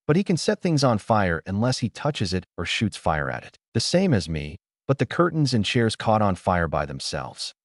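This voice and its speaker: A man voicing a thoughtful teenage boy calmly explaining a theory. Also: lowish voice, normal speed, few pauses, no room sound, studio quality.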